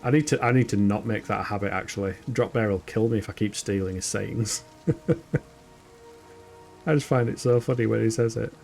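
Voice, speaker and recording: Gravelly northern English man streaming a game. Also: lowish voice, fairly quick, darkish tone, faint music behind. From United Kingdom. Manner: chatty and self-mocking, laughs often. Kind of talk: casual gameplay commentary.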